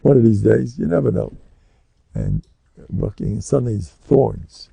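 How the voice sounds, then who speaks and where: An older rabbi with an American accent delivers a Torah lecture to a room of listeners. His voice is mellow and gravelly, and his pitch swoops widely as he acts out his stories. The sound is dry and close. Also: measured pace, no echo. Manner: animated storyteller who acts out scenes.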